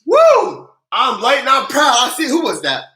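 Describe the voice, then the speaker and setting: Bright, hyped-up livestream tax host. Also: sits high, fairly quick, reverberant, low-quality recording. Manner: energetic and playful, with casual slang, chanting and countdowns; greets viewers by name. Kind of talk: hyped-up livestream chat and news recap.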